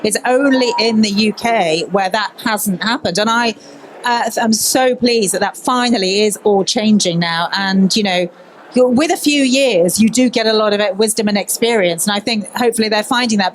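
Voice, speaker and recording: A woman's voice: a little high, normal speed, a little hiss or hum, poor audio. A woman news presenter from Birmingham, speaking candidly and telling stories in a conference panel discussion. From Birmingham, England. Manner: candid, animated storytelling.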